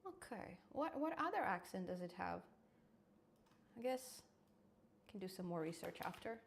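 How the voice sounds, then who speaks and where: A woman's voice: on the low side, sing-song, moderate pace, gravelly, slight background noise. A woman hosting a casual live coding stream, thinking aloud as she works and answering chat.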